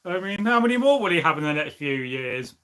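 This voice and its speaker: A man chatting on a casual live stream, rambling from one thought to the next and reading viewers' comments. His voice sits a little high and has a bright, forceful edge. He sounds opinionated and loose, with plenty of ums along the way. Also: sing-song, brisk, clear, resonant tone.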